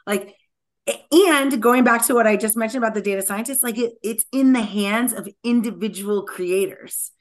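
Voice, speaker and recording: Energetic, talkative woman guest. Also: on the high side, moderate pace. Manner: energetic and talkative, many "like" fillers. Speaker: guest technologist. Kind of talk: conversational podcast interview.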